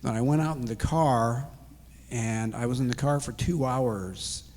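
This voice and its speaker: A man's voice: medium pitch, unhurried, darkish tone. A retired man in his sixties telling an emotional personal story as an interview guest, acting out the dialogue. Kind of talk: personal testimony. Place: church sanctuary. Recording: long hall reverb.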